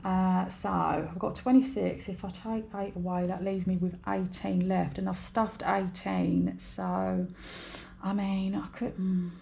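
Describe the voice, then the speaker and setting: A woman's voice: on the low side, level tone, measured pace, creaky, darkish tone, slight background noise. A British woman chatting casually to camera while budgeting, rambling and talking to herself. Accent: British English. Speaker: budgeting vlogger. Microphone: overhead camera mic.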